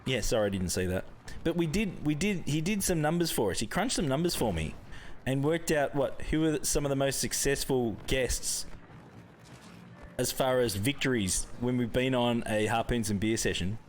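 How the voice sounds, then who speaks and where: A man's voice: mid-range voice, animated, moderate pace, slight background noise. A young Australian man hosting a live gaming stream, chatting casually with viewers, greeting them by name and laughing often.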